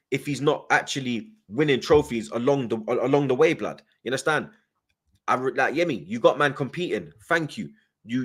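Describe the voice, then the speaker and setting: A man's voice: mid-range voice, fairly bright tone. Slang-heavy man ranting casually. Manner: slang-heavy, repetitive tags like "you get me". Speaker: football fan channel host. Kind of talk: casual live chat reading viewer comments.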